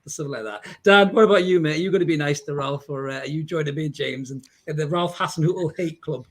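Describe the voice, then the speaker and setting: English man, podcast host, slightly husky, bantering, casual football chat. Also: a little high, fast. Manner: chatty, banter-filled, swears casually.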